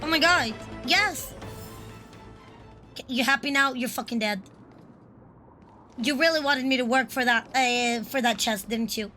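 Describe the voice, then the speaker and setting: A woman streams a game live, reacting in excitable, profane bursts. Her voice is high and bright, with faint game music underneath. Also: measured pace, long pauses.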